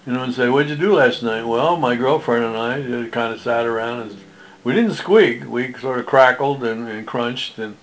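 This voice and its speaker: Man in his seventies, gravelly rough voice, mid pitch, rambling casual monologue, self-mocking jokes, drifting asides. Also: moderate pace, low-quality recording. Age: 70s.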